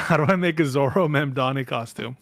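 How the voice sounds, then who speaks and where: A man co-hosting a casual chat, playful and jokey, firing off quick questions. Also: medium pitch, vocal fry, a bit bright, no room sound, studio quality. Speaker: co-host.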